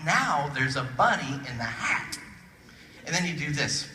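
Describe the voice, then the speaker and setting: Animated man keynoting in a big echoey hall. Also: fairly high pitch, a little slow, pauses often. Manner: animated, jokey, acts out little voices. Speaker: keynote speaker. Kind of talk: humorous motivational keynote. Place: large conference hall with audience. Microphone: phone recording from the audience. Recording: distant phone recording in echoey hall. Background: audience laughter and crowd noise.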